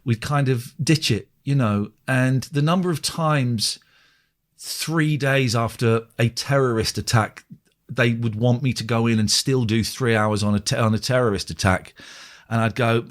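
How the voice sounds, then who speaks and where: A man, a radio presenter, telling stories in a casual interview, animated and swearing freely as he acts out what he said. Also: medium pitch, unhurried. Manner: animated storyteller who acts out his own quoted lines, swears freely.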